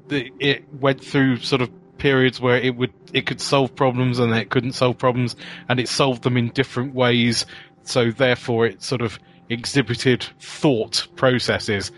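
A man's voice: mid-range voice, a bit bright, a little hiss or hum. A British man co-hosting a podcast, chatting casually and joking around. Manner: jokey, recites old jingles. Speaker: podcast co-host. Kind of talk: casual chat.

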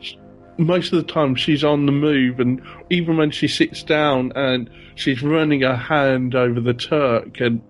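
A man co-hosting a casual podcast chat about a TV episode, chatty and quick to laugh. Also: fairly even intonation, soft background music. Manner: chatty, giggly, acts out quotes with rising pitch. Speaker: podcast co-host.

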